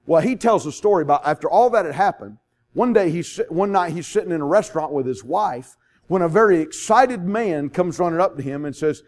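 A man preaching a sermon, telling stories and swinging from loud to hushed. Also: on the high side, animated, a little fast.

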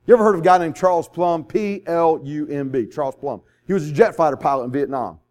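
A man preaching a sermon, telling stories and swinging from loud to hushed. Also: fairly high pitch, fast talker.

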